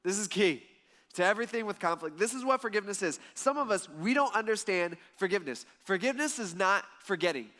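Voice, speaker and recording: Guy pastor preaching, high-ish voice, storytelling, acts out the characters. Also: animated, quick pace, bright, forceful tone. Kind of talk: sermon.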